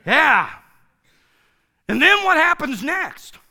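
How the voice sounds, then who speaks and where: A man preaching a sermon in a casual, enthusiastic, slangy way, swinging from loud to soft. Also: extremely high pitch, big pitch swings, slow, vocal fry. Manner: enthusiastic, informal, slangy, dramatic swings in loudness. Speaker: pastor.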